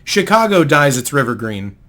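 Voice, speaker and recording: A young man hosting a relaxed podcast, his voice at an everyday middle pitch. He explains at length, patiently, with plenty of "uh" and restarts. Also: normal speed. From New England, United States. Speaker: podcast host. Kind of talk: casual podcast chat.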